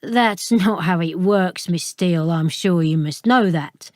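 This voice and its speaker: A woman's voice: on the low side, a little slow, no echo, clean studio sound, natural voice. A woman voicing a swaggering, plump middle-aged male book dealer who is falsely jovial and wheedling.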